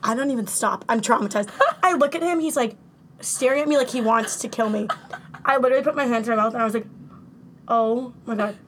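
Woman cohost, really high voice, rambly storytelling, teasing. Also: quick pace, fairly bright tone, a little hiss or hum. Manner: teasing, rambling, with many restarts and fillers. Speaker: podcast co-host. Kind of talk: casual chat, storytelling.

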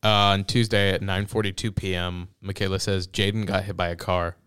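A young man co-hosting a casual podcast, retelling a story and reading out text messages with halting restarts. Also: low-pitched, little pitch movement, fairly bright tone, smooth, no room sound, clean studio sound. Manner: reads out texts, retells events with halting restarts. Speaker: podcast co-host. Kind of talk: casual chat.

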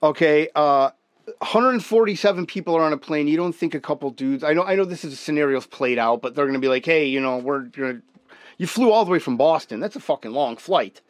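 A man hosting a podcast in casual chat, rambling and swearing as he tells stories in an animated way. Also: fairly high pitch, fast talker, no room sound. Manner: rambling, profane, animated storytelling. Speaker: podcast host.

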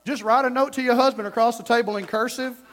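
A man preaching a fervent sermon as pastor, dropping to a hush and then rising to shouts. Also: very high-pitched, steady tone, quick pace. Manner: fervent, swings from hushed to shouting.

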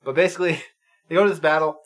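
A man co-hosting a podcast, chatting casually about movies, animated and swearing freely as he retells scenes. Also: fairly high pitch, fast talker. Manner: animated, swears freely, acts out quotes in silly voices. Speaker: podcast co-host. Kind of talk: casual movie review chat.

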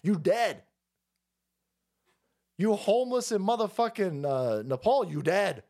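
A man's voice: sits high, expressive, takes it slowly, mellow. A man hosting a livestream, ranting in a profane, mocking and abrasive way. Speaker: streamer host. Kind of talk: livestream rant.

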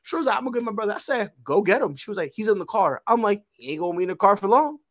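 Animated young man telling stories. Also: sits high, very fast, very noisy. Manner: animated storyteller, acts out dialogue. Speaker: podcast co-host. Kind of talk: casual chat.

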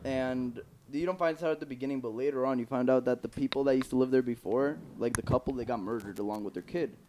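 A young man in casual podcast chat, excitedly recounting a story with loose fillers. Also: medium pitch, noisy background. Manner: fast, excitable retelling of a movie plot. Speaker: podcast co-host.

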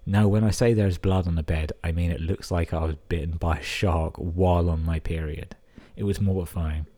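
A man's voice: deep voice, steady tone, normal speed, dark tone. A young English man hosting a podcast, reading listener emails aloud and cutting in with sarcastic, sweary commentary. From England. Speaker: podcast host.

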